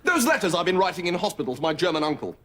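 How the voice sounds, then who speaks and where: An actor playing a cheerful, dim-witted young army lieutenant who gushes with silly exclamations. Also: male voice, sits high, big pitch swings, rapid-fire, a bit bright. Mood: jolly. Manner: jolly, gushing, silly exclamations. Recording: TV clip audio with noise.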